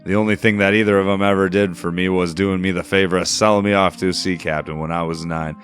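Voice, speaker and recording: A man reading as a gruff old pirate captain. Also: low voice, steady tone, quick pace, a bit bright, soft background music. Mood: gruff reminiscing. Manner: rough folksy drawl, dropped grammar. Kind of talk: reading a game journal aloud.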